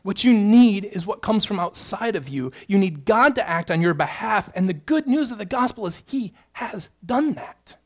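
A man with a fairly high voice delivers a sermon with earnest conviction. He presses each point by repeating phrases, rising in emphasis as he builds. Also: animated, moderate pace, few pauses. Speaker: pastor.

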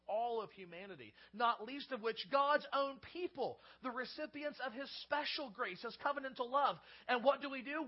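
A man preaching a sermon, building to loud emphatic peaks and dropping to soft hushed passages, with frequent repeated words at the start of phrases. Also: high voice, dull audio. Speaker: pastor.

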